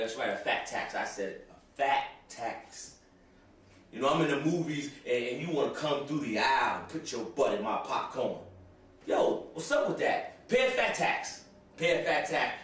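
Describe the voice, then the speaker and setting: A man's voice: on the high side, a bit bright. A young man delivering a rambling comic rant to camera, stumbling and repeating himself with constant "you know"s. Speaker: host. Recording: very echoey room, far from mic.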